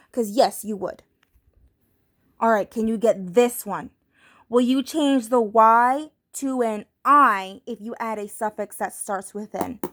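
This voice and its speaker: This young woman's voice is medium-pitched as she teaches third graders spelling on a recording, sounding words out slowly one letter at a time with a playful, self-mocking tone.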